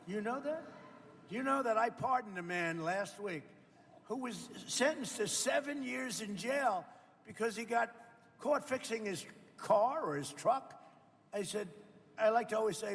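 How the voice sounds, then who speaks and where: A man's voice: high voice, lively intonation, unhurried, fairly bright tone, slight background noise. A man in his seventies giving a rambling, boastful off-the-cuff speech at a roundtable, repeating himself and talking directly to people in the room. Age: 70s. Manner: rambling, boastful, repetitive, with asides to the audience. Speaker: politician speaking at a roundtable. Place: event room with people around a table. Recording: reverberant hall sound.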